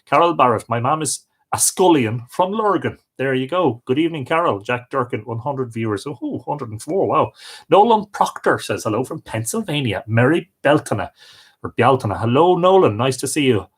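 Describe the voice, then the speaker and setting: A man's voice: mid-range voice, animated, moderate pace, breathy edge. A middle-aged Irish man hosting a live stream, reading out viewers' comments and greeting each of them by name. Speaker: host.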